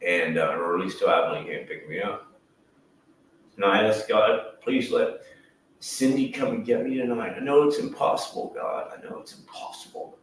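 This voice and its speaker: A man's voice: deep voice, a bit bright. A man who streams, giving a rambling, earnest and emotional personal testimony and swearing freely. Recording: echoey room with faint noise.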